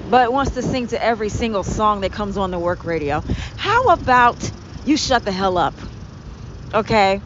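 A woman with a fairly high voice rants with biting sarcasm and open exasperation, swearing freely. The recording sounds dull and lo-fi, with faint traffic noise in the background. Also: fairly bright tone. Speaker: podcast host. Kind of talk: ranting monologue. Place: vehicle with traffic outside.

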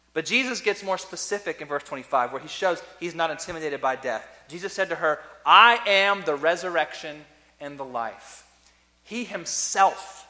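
A man preaching a sermon as a pastor, earnest, swinging between loud emphasis and soft, quiet lines. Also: a little high. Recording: long reverb of a large hall.

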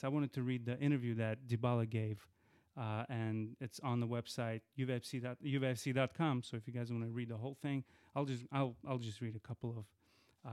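A man hosting his podcast alone, chatting loosely about the show and giving shout-outs, often restarting his sentences. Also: mid-range voice, clear, resonant tone. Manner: chatty, rambling with frequent restarts. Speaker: podcast host. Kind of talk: casual solo podcast intro.

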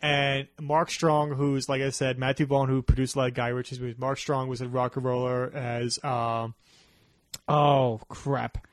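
A young man hosting a casual movie review chat, rambling and animated, quoting scenes in put-on voices. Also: medium pitch, normal speed, no echo. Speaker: host.

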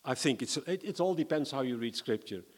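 A man from the Netherlands, preaching a sermon in a lively, humorous way and reading scripture dramatically. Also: medium pitch, a little fast, in a large hall.

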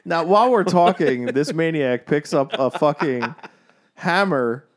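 A man's voice: a little high, expressive, a little slow. A man co-hosting a casual podcast chat, telling profane stories and acting out the voices of people he quotes. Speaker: podcast co-host.

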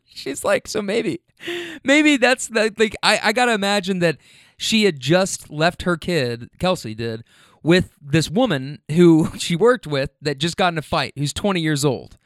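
A man hosting a talk show, telling a rideshare story with lively quoted voices and frequent laughter. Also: sits high, moderate pace, no room sound, studio quality. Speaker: podcast host telling rideshare stories. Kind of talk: animated storytelling.

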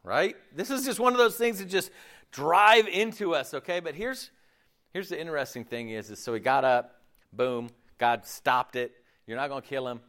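A male preacher with a somewhat high voice and a very lively, swinging pitch. He delivers his sermon with animation and keeps checking in with the congregation. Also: moderate pace. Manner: animated, acts out quoted voices, checks in with "right?" and "okay?".

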